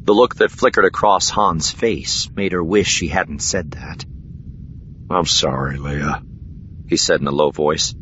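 A man narrating an audiobook in a steady, measured reading. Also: low-pitched, muffled recording, slight background noise.

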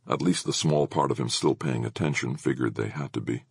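A man narrating an audiobook with expressive storytelling. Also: a bass voice, fairly quick, gravelly, slightly rough, dry recording, studio quality.

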